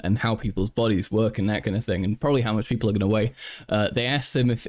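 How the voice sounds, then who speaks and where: A man's voice: medium pitch, darkish tone. Rambling, profane young male streamer. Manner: rambling, profane, frequent restarts. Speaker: livestream host. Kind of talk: casual chat.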